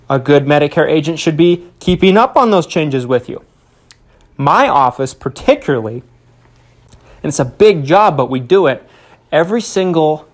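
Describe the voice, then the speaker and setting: Young male podcast host, a touch high-pitched, earnest and emphatic, folksy direct address. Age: young adult. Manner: earnest, emphatic, addresses listeners as folks, repeats words when restarting. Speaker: podcast host, Medicare insurance agent. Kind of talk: solo podcast talk.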